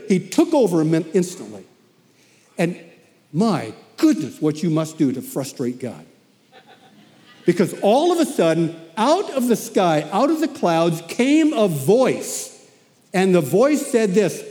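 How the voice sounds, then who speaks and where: A man preaching a sermon as animated storytelling, often repeating himself as he goes. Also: high-pitched, measured pace, in a large hall.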